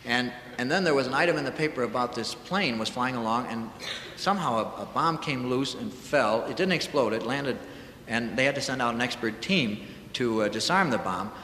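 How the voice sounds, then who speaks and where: A stand-up comedian performing a one-sided phone call, halting and stammering in a dry deadpan way. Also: male voice, medium pitch. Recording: roomy live hall with hiss.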